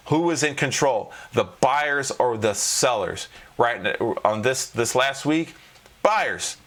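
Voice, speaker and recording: Animated man coaching on trading charts. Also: mid-range voice. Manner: animated, emphatic, often checks with "all right?". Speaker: trading coach and show host. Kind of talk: live trading chart walkthrough.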